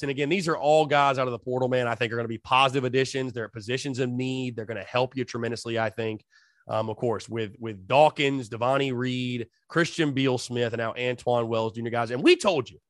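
A man hosting a solo sports podcast, talking straight to his listeners in an animated, hype-filled way. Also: medium pitch, no echo, clean studio sound. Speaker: podcast host.

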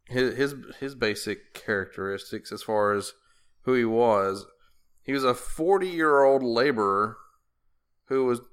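A male podcast co-host at a middle pitch, talking casually and loosely. He rambles, restarts and jokes crudely as he tells the story. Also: a bit bright. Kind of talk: casual chat.

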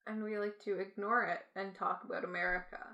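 A young Canadian woman co-hosting a podcast in casual chat, sarcastic and quick to laugh. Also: mid-range voice, level tone, pushed and bright, dull audio. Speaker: podcast co-host.

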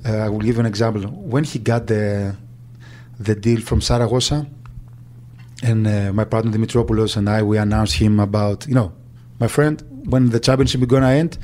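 Soft-toned man recalling. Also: on the low side, fairly even intonation. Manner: halting, searching for words. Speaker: agent. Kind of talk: interview recollection.

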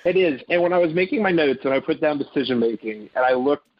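Husky-voiced man talking college football. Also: on the high side, animated, fast talker, no echo, muffled recording. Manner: rambling, hedging with "I think". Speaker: guest football analyst. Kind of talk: casual sports talk.

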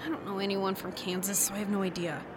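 A woman's voice: medium pitch, level tone, fast talker, noisy background, lightly acted. A woman playing a sullen, sarcastic character who grumbles and snaps back.

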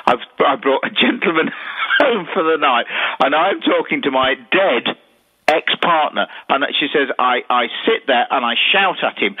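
A man with a slightly high voice tells ghost stories in an animated way, often stumbling over and repeating his words. The sound is thin and tinny, like a phone line. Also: moderate pace. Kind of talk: casual chat telling ghost stories.

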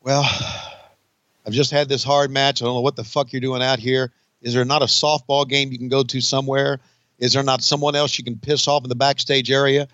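A man's voice: medium pitch, level tone, a little fast, fairly bright tone, no room sound, lo-fi sound. An older man co-hosting a podcast, wry and profane, sighing between remarks. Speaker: podcast co-host, former commentator. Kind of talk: casual podcast banter over archive footage.

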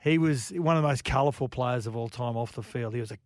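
A man's voice: medium pitch, fast talker, a little mellow, dry recording, clean studio sound. A man with an Australian accent hosting a sports radio show, telling rugby league stories and reading out listener texts. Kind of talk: casual sports radio chat.

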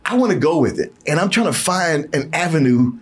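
Lively husky-voiced man reviewing a movie. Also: a little high, brisk. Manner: animated, laughing, acts out his own reactions. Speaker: co-host. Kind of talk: casual movie review chat.

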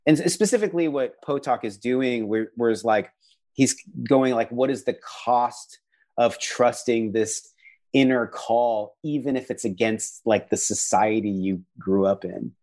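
In a relaxed interview, a male guest who works as a visual artist and holds religious faith talks in an unhurried, mid-range voice with a somewhat dark tone. He comes across as sincere and thoughtful, frequently groping for the right word and saying "like" a lot.

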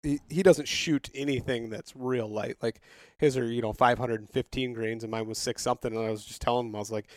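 A man's voice: mid-range voice, fairly even intonation, a little fast, darkish tone, no room sound. A man hosting a casual podcast chat, telling a story and laughing often.

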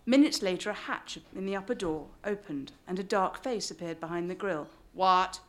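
A woman's voice: on the low side, lively intonation, fairly quick. An English woman reading her memoir aloud to a live audience, with wry joking asides between passages. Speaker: author.

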